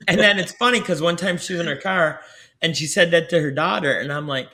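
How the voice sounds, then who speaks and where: A man's voice: a little high, fairly quick, bright, forceful tone. A man from Buffalo, New York, hosting a podcast in casual chat, joking and teasing his co-hosts. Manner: joking, teasing, self-mocking. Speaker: podcast host.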